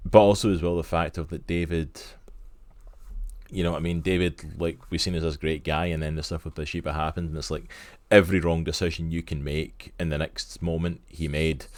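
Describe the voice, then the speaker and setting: Very deep-voiced Scottish man. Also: little pitch movement, brisk, a little mellow, dry recording. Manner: earnest, rambling with many fillers. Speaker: podcast co-host. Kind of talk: casual interview chat.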